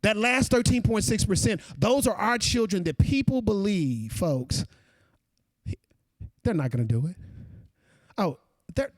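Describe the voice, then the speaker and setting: A man's voice: high voice, measured pace, pauses often, no room sound. A man delivering a conference keynote speech, talking straight to the audience and calling them folks. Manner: animated, addresses audience directly as folks. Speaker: keynote speaker.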